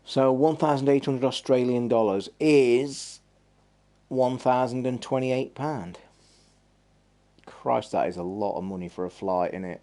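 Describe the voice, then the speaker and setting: A man's voice: mid-range voice, unhurried, dark tone. A man hosting a gaming live stream, chatting in a rambling, blunt and sweary way. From England. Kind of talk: casual live-stream chat.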